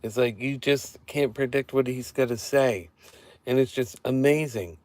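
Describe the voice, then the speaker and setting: A man giving an excited, profane recap on a casual live stream, repeating himself as he talks into a handheld phone. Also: medium pitch, a little slow, no echo. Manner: excited, profane fan rambling with repeated phrases. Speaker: wrestling show reviewer. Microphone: phone held in hand.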